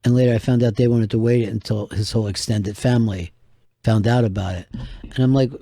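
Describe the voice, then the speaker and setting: A man's voice: lowish voice, fairly even intonation, mellow, dry recording, clean studio sound. A man hosting a radio talk show, telling wry, rambling stories in a casual way. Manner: storytelling, wry, drawn-out anecdotes. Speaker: radio host and stand-up comedian.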